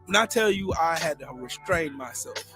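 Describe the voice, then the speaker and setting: A man hosting a casual podcast chat, loud and joking, with lots of profanity. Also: fairly high pitch, animated, moderate pace, music in the background. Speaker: podcast host.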